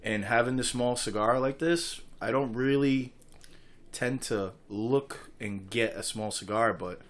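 A man with a New England accent in a casual chat, easygoing and unhurried. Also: medium pitch.

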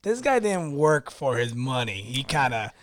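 A man with a mid-pitched voice co-hosts a casual podcast and pokes at his partner with quick what-if questions. His voice is recorded close and dry, with no room sound. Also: sing-song, a bit bright, no room sound. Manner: prods with short questions and quick reactions. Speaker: podcast co-host. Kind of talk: casual chat.

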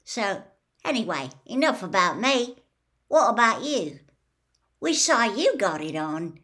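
A woman's voice: mid-range voice, very animated, unhurried, sharp tone. A woman voicing a big, kind-hearted half-giant groundskeeper who talks in a plain, homely way. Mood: wistful. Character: gruff kindly half-giant groundskeeper man.

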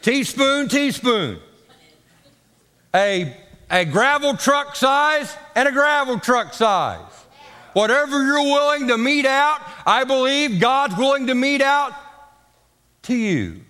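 A man preaches a dramatic sermon, stretching his words and calling the congregation to repeat after him. His voice sits high and swoops widely, with a bright, forceful edge. It rings with a long hall reverb. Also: expressive, clean tone. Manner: dramatic, drawn-out preaching with call-and-response. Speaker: pastor.

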